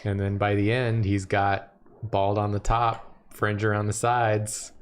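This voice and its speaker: A man's voice: fairly low pitch, little pitch movement, a little slow, clean tone. Joking man brainstorming ideas. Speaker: co-host. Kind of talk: casual chat about drawing.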